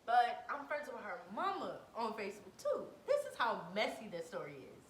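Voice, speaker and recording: A young adult woman telling a personal story to camera in a dramatic, animated way, full of slang. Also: moderate pace. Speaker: vlogger. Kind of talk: storytime vlog. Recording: echoey room, faint rumble.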